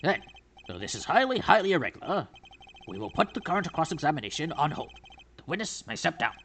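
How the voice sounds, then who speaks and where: A man voicing a flustered, excitable old male judge in a video game, stammering and calling out loudly. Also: fairly quick, slight background noise. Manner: high, loud, stammering exclamations. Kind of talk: reading game dialogue aloud.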